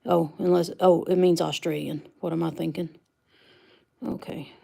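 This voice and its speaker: A woman's voice: fairly low pitch, level tone, moderate pace, vocal fry, mellow. A woman, chatting casually with viewers on a livestream while unboxing rocks. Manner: chatty, greets viewers by name, laughs easily.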